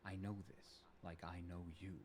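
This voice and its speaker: An actor playing a calm, cryptic tentacled cosmic being in a suit, speaking in solemn commands. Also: male voice, low-pitched, moderate pace, background noise, close to an everyday voice.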